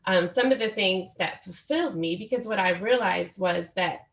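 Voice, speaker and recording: A woman in her forties speaks as a guest on a podcast interview. She talks in an earnest, reflective way, at a middle pitch. The recording has a roomy echo. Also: normal speed, creaky. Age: 40s. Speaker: guest author.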